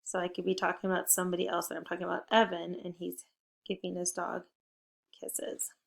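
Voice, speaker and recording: A woman teaching a spelling lesson to young children, speaking slowly and clearly, upbeat and encouraging. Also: lowish voice, monotone. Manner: slow, deliberate word-by-word modeling.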